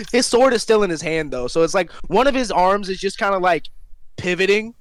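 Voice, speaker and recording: Lively, laughing male dungeon master. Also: high voice, moderate pace, no room sound. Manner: loose, laughing, swears casually, voices enemies. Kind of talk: running a tabletop game session.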